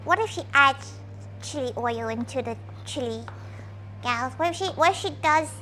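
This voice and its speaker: High bright-voiced woman streamer. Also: lively intonation, moderate pace, a little hiss or hum. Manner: talks about herself in the third person, playful and crude. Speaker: VTuber streamer. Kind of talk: casual cooking stream chat.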